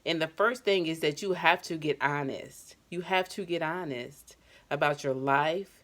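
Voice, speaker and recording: Low-voiced woman, candid and emotional. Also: unhurried, fairly bright tone. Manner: candid, emotional storytelling with casual slang. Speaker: addiction counselor. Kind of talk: personal vlog talk.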